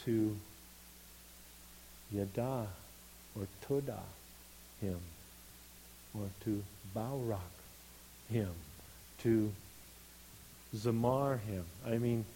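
A man preaching a sermon in an earnest, unhurried way, building to emphatic stresses on key words. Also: on the low side, dark tone, slight background noise, low-quality recording.

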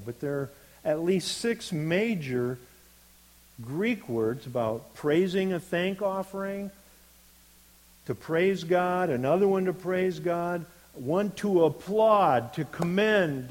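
A man preaching a sermon in an earnest, unhurried way, building to emphatic stresses on key words. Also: a little high, darkish tone, low-quality recording.

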